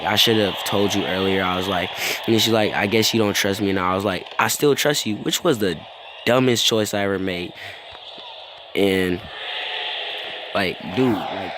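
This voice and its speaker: A teenage boy casually telling a rambling story, acting out both sides and filling it with "bro" and "like". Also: on the low side. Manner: rambling, animated retelling with lots of "bro" and "like". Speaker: vlogger. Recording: noticeable background noise.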